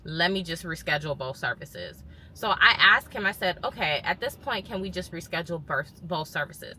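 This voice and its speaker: A woman vlogger telling a personal story in a casual, animated way and quoting what others said. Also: lowish voice, moderate pace, slight background noise. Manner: animated retelling, quotes others' words. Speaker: lifestyle vlogger.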